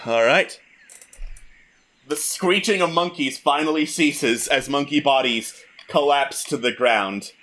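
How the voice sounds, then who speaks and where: A man's voice: mid-range voice, slow pace, fairly bright tone, soft background music. A man running a tabletop game as dungeon master, narrating with dry jokes.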